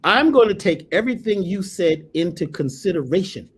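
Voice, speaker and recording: A man's voice: sits high, lively intonation, moderate pace, breathy edge. A man talking as a spiritual teacher, emphatic and preacherly, repeating phrases to drive his points home. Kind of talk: emphatic storytelling in conversation.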